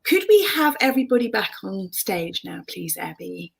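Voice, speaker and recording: Middle-aged woman, host, mid-pitched, relaxed, ums, video call. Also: normal speed, creaky, breathy edge, rough recording. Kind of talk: live-stream hosting.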